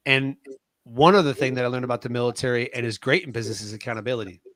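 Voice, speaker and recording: A man's voice: medium pitch, fairly even intonation, very fast, fairly bright tone, dry recording. A middle-aged man who served in the military tells his stories in an interview. He leans into every anecdote and acts out the voices of the people in it. The recording is dry and close, with no room sound. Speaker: veteran guest. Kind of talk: personal storytelling in an interview.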